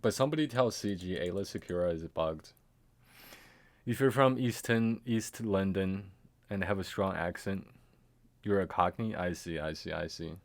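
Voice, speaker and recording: A man with a deep voice streams a game, chatting casually at normal speed in a rambling way and often trailing off into muttered asides and chuckles to himself.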